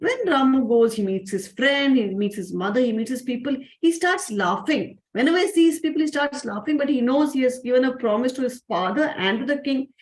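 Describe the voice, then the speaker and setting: A woman's voice: high voice, echoey room, poor audio. A woman with an Indian English accent telling a story, acting out the characters' voices as she narrates. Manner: animated, acts out voices of the characters. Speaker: storyteller and spiritual teacher. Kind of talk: storytelling to children in an online session.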